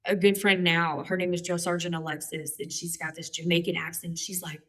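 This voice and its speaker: A woman's voice: lowish voice, flat delivery, brisk. A woman in her forties telling her life story as a guest, chatty and humorous with lots of fillers. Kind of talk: candid personal storytelling.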